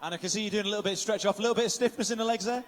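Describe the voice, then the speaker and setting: High-voiced upbeat male race announcer. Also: rapid-fire, long reverb tail. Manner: upbeat, rattles off finisher names, drops in Welsh phrases. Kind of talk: live event commentary. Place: outdoor finish area of a triathlon.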